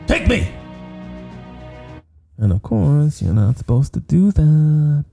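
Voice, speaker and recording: A man's voice: on the high side, big pitch swings, a little slow, gravelly, mellow, faint music behind. A man giving a comedic horror movie review in a playful, jokey way, full of asides.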